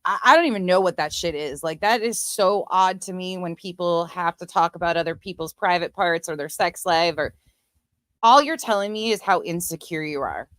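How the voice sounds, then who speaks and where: A woman's voice: fairly low pitch, normal speed, fairly bright tone, no echo. A woman commentator reacting to clips in a blunt, sarcastic, profane way. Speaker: commentary streamer. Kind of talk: casual commentary.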